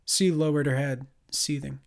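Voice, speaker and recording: A man reading a science fiction audiobook as narrator, in a measured, expressive way. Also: fairly high pitch, vocal fry. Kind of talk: scripted narration.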